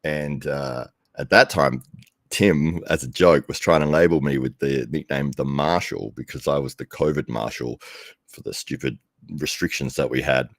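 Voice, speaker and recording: A middle-aged man with an extremely low, deep voice tells a casual, rambling story. He chuckles often and perks up when quoting himself. He is recorded close to the mic in a dry space. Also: normal speed, no echo. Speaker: arm wrestling commentator.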